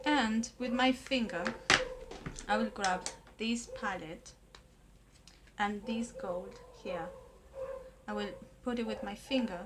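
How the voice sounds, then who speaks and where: A woman from Argentina, talking through a makeup tutorial in a hesitant way with many pauses and fillers. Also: mid-range voice, noisy background. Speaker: makeup vlogger.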